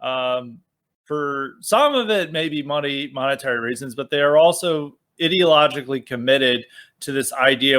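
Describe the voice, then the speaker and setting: A man talking casually about politics, animated and sarcastic, with many fillers. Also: medium pitch, moderate pace. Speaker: podcast guest.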